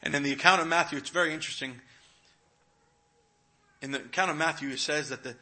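A man preaching a sermon, retelling a scripture story and swinging between hushed, quiet moments and loud, dramatic ones. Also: on the high side, quick pace. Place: church.

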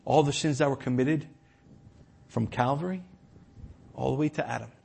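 A man preaching a sermon in a church, stumbling and repeating words as he drives his points home, then dropping to a quiet tone. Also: medium pitch, moderate pace, gravelly, husky. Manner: impassioned, repeats words, swings from loud emphasis to quiet.

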